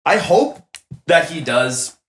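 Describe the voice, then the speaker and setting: A young man chatting casually on a podcast, retelling stories with animated enthusiasm. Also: a little high, slow. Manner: excited, animated storytelling with laughs. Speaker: podcast co-host. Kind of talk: casual chat. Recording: roomy echo.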